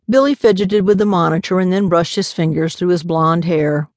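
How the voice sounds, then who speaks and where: A woman reads an audiobook in scripted narration, her storytelling even and measured. Her voice is on the low side, and the studio-quality recording has no echo.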